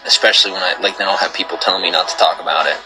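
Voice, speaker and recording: A man with a low voice and fairly even intonation talks very fast on a livestream, music under him and the recording low-quality. Between greeting viewers and reading their comments, he gets heated and rambles, repeating himself.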